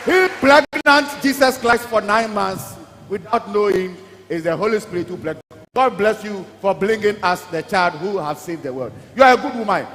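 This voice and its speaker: A high-pitched man with a Ghanaian accent, playing a blustering comic lawyer who keeps pleading to the judge in broken pidgin. His voice echoes through a reverberant live stage. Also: moderate pace, a bit bright, some chatter behind. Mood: mock-sweet. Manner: pleading, repetitive "Your Honor", broken pidgin. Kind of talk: live stage comedy skit.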